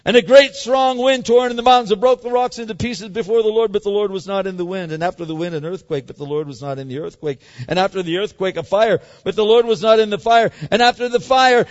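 A man preaching a sermon, swinging dramatically between loud and hushed. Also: sits high, brisk, few pauses, long reverb tail, muffled recording. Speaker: pastor.

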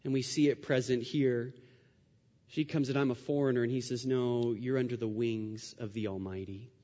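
A male pastor preaching a sermon, earnest and repetitive, building his phrases up to loud, emphatic rises. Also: mid-range voice, fairly even intonation, moderate pace. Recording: dull sound with long hall reverb.

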